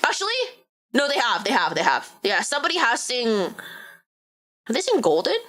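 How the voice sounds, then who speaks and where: A young woman with a Valley Girl accent chats casually on a live stream, leaning on "like" between her thoughts. Her voice is bright and fairly high, with lively swings in pitch. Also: normal speed. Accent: Valley Girl Californian. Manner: chatty, heavy use of "like", animated. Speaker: VTuber streamer.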